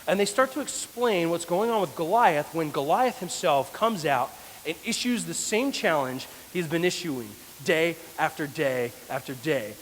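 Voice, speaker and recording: Male pastor, lively storytelling sermon, fairly high voice, long church reverb with faint hiss. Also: moderate pace. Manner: animated storytelling. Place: church hall.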